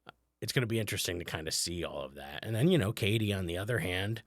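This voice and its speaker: Deep-voiced man chatting casually. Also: animated, fast, dry recording, clean studio sound. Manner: rambling, conversational, many fillers. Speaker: podcast host, comedian. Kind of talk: casual solo podcast talk.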